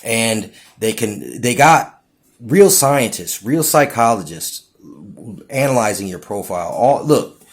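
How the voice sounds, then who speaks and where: A man's voice: mid-range voice, expressive, slow pace. A man rambling through a casual monologue, stumbling over his words and saying "dude" and "you know what I'm saying" again and again. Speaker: vlogger.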